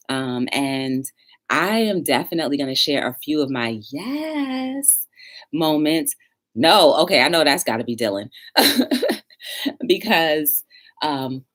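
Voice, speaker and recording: A woman hosting a live talk show, bubbly and excitable, a little out of breath. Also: deep voice. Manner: bubbly, excitable, sings and chants along. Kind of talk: upbeat live-stream chat.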